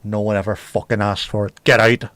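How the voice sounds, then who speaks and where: A man's voice: fairly low pitch, little pitch movement, fast, fairly bright tone, no room sound. A man hosting a casual livestream chat, bantering crudely and swearing often. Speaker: livestream host.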